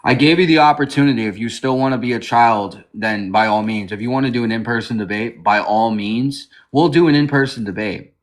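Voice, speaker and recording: A man's voice: medium pitch, brisk, few pauses. Aggressive taunting man in a debate. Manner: aggressive, taunting, swearing, repeats jeers. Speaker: debate guest. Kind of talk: heated online debate.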